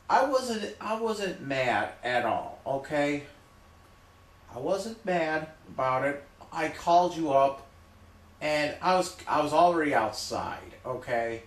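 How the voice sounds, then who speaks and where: A man talking loudly in an emphatic, repetitive rant, often checking in with "okay?". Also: on the high side, very animated, slow, long pauses, echoey room. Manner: loud, repetitive, emphatic, keeps saying okay. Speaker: vlogger. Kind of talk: ranting monologue to camera.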